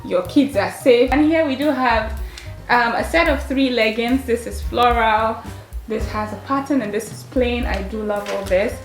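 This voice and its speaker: A woman's voice: on the high side, normal speed. A young mother, gushing and laughing as she chats through a kids' clothing haul at home. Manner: chatty and gushing, laughing often. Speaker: mother and vlogger. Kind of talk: casual clothing haul chat. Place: her home. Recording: roomy sound with faint music.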